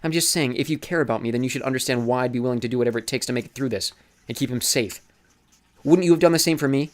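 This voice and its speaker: A man reading an audiobook who voices a calm, scheming teenage girl, speaking evenly and coolly. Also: medium pitch, racing, pitched above the performer's own voice, close to an everyday voice. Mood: pleading. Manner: calm, cool and condescending.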